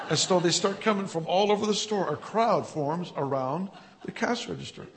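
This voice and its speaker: Gravelly-voiced man telling church testimonies. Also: a little high, fairly quick. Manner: storytelling, chuckling, grows animated and loud. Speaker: church leader. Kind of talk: telling healing testimonies in an interview.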